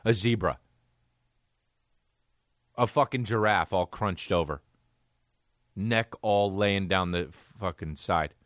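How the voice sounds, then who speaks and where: A man hosting a comedy podcast, ranting in an incredulous, profane, animated way. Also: low voice, takes it slowly, long pauses, no echo, clean studio sound. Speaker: podcast host.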